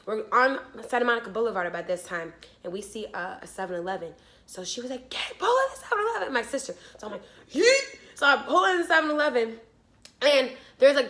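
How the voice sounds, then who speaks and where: A woman's voice: on the high side, sharp tone. A young woman telling a storytime vlog, casual and full of swearing and "like", acting out what people said. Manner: casual, swearing, heavy use of "like", acts out quotes. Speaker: vlogger.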